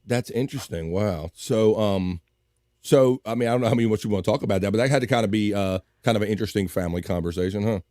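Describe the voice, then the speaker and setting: A man's voice: on the low side, quick pace, warm tone, no echo, clean studio sound. Laid-back Baltimore man hosting a stream. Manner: laughs often, swears casually. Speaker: live stream host. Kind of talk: casual chat.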